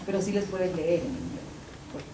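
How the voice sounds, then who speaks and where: A woman, a parent, explaining rapidly in a casual way. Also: lowish voice, very animated, dark tone. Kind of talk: casual group discussion. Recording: distant, echoey, noisy room.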